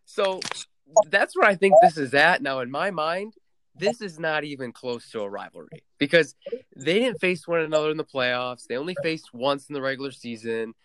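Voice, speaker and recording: A man's voice: a little high, lively intonation, normal speed, a bit bright, dry recording. Methodical man laying out facts. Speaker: podcast co-host. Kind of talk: casual podcast chat.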